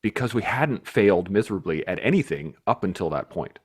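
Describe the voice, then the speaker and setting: A man hosting a podcast, telling stories in a casual, animated way, swearing freely and laughing as he talks. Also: low voice, a little fast, breathy edge. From Canada. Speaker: podcast host. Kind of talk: casual storytelling chat.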